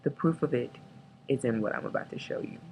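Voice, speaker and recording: A woman talking candidly in a casual video diary, emotional and joking, sometimes breaking into a squeaky high chant. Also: brisk, a little mellow, a little hiss or hum, poor audio. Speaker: vlogger.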